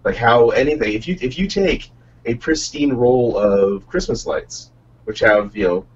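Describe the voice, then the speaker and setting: A man's voice: mid-range voice, measured pace, slightly rough. Man on a distant, muffled call line. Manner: rambling, explains at length. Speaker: podcast co-host. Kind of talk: casual chat. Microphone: desktop condenser mic on a boom arm.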